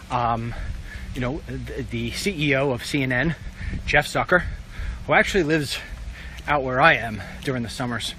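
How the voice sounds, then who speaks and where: A middle-aged man, a conservative radio host, rambles through an animated walk-and-talk vlog, telling stories and ranting. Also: medium pitch, noisy background. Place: outdoors, walking.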